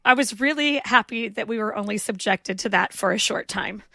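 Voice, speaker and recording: Woman from the American South, podcast co-host, casual chat, emphatic and repetitive, vocal fry, dry sound. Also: mid-range voice, moderate pace, pushed and bright, dry recording. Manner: emphatic, repeats herself. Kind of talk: casual film discussion.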